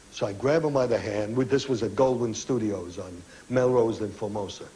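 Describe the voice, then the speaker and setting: Older male guest, animated storyteller, chat show studio with faint background noise. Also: lowish voice, normal speed, few pauses, poor audio. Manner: animated storyteller acting out quotes. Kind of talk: anecdotal chat show interview.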